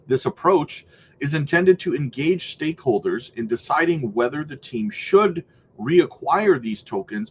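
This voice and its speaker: A man hosting a crypto news channel, giving casual market commentary in a chatty, hedging way, with many fillers and frequent throat clearing. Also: fairly high pitch, muffled recording, a little hiss or hum.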